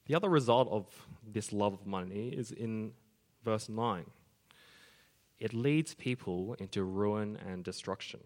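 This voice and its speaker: Man preaching a sermon in a reverberant church. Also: medium pitch. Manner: earnest, explaining scripture step by step.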